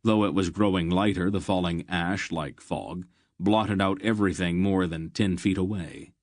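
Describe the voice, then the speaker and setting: A man reading a fantasy audiobook in a measured, steady narration. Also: deep voice, dry recording, clean studio sound.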